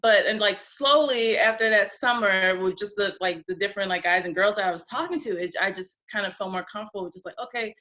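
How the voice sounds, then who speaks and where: A woman in her twenties tells stories in a loose, chatty interview and slips into the voices of people she quotes. Her voice is bright and forward. It comes through dull lo-fi video-call audio. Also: medium pitch, fast talker, hardly any pauses. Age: 20s. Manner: chatty storyteller, often acts out quotes. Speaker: guest. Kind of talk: casual interview chat.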